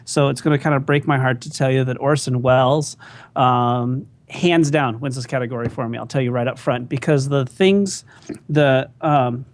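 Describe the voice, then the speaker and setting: A man's voice: medium pitch, moderate pace. A man in his thirties co-hosting a casual film podcast from home, rambling with many ums and restarts as he makes his case. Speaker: podcast co-host.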